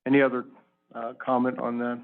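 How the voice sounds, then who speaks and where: A man's voice: mid-range voice, completely flat delivery, brisk. A man chairing a county board meeting, polite but firm about speakers' time. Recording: phone-like lo-fi audio from a distant mic.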